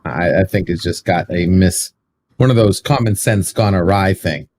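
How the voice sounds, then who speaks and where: A man in a casual debate, arguing his view with quick apologetic asides. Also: deep voice, darkish tone, slight background noise.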